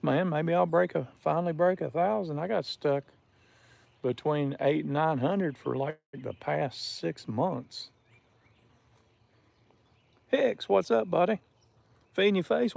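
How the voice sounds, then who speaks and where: A man hosts a relaxed live stream outdoors by a river and keeps up a steady chat with his viewers, greeting them one by one. His voice sits a bit high for a man and has a gravelly, creaky texture. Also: measured pace, no room sound. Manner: chatty, greets viewers by name.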